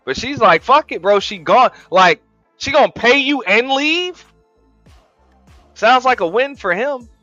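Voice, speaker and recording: A man's voice: extremely high pitch, animated, unhurried, long pauses, bright, forceful tone, no echo, muffled recording, faint music behind. A man hosting a casual reaction show, talking in a laid-back, profane way, laughing and repeating himself. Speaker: show host reacting to clips.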